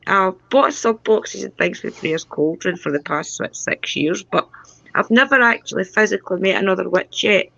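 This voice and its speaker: A Scottish woman in her fifties chatting on a live stream through her phone, talkative and quick to laugh. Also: medium pitch, vocal fry, fairly bright tone, dry recording, lo-fi sound. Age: 50s. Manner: chatty, laughs often, tries to speak slowly. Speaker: guest on a paranormal live stream. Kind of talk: casual chat.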